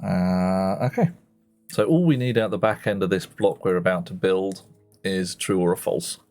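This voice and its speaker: A man's voice: low voice, normal speed, darkish tone, soft background music. A man giving chatty, self-mocking commentary while playing a game on a live stream, muttering asides to himself.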